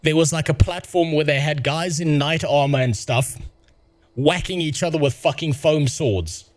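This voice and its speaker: A man's voice: on the high side, normal speed, no room sound. A man in his thirties with a South African accent, telling an exasperated, profane story to his stream chat. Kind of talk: casual ranting to stream chat.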